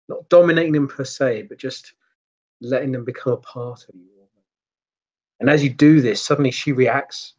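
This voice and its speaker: A man narrating a tabletop role-playing game as game master, pausing and searching for words. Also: mid-range voice. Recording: dull lo-fi sound.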